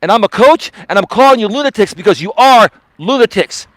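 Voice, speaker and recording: A man's voice: sits high, animated, fairly quick, fairly bright tone, dry recording. A man, a life coach hosting his livestream, ranting confrontationally outdoors on a walk, repeating himself and swearing. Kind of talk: heated livestream rant.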